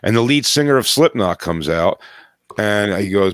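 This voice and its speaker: A man's voice: fairly low pitch, lively intonation, normal speed, no room sound. A man hosting a podcast, chatting casually and wryly, telling a rambling story. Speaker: podcast host. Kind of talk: casual chat.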